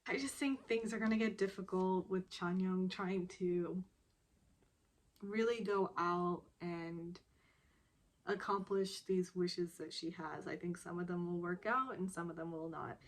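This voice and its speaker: Recapping an episode of a TV drama in a relaxed, unhurried way, a woman speaks at a fairly low pitch. Her manner is chatty and full of laughter, and she livens up whenever she quotes the characters.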